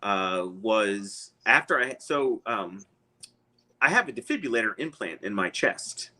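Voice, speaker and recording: A man's voice: lowish voice, very animated, a little slow, pushed and bright, low-quality recording. A man, a guest, telling a long personal story in a casual, rambling way and chuckling often.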